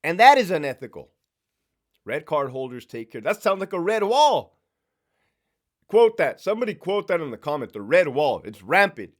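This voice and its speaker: A middle-aged man, a former prison sergeant, telling blunt, profane stories in a casual monologue. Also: a little high. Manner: profane, blunt, animated storytelling.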